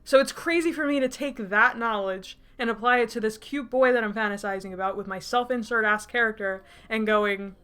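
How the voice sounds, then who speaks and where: With a sharp tone and medium pitch, a woman YouTuber in her twenties reads out her old writing, interrupting herself with laughter and sarcastic, mocking comments.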